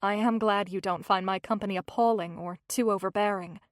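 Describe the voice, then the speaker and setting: Brief: a lively, teasing young woman assistant in an audiobook, read by a female narrator, bright and chatty, with a dry sound. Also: medium pitch, fairly quick, no room sound, close to an everyday voice. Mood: subdued. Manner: chatty and warm-witted.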